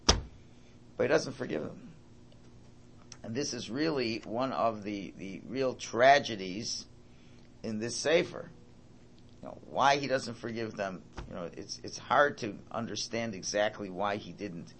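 A man's voice: mid-range voice, lively intonation, unhurried, slight background noise. A man giving a Torah class lecture, emphatic, often repeating and restarting his phrases. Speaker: Torah teacher.

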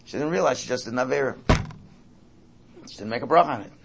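A man's voice: mid-range voice, fast talker, gravelly, heavy background noise. A man, a rabbi, teaching an informal Torah class in a rambling, conversational way full of asides and restarts.

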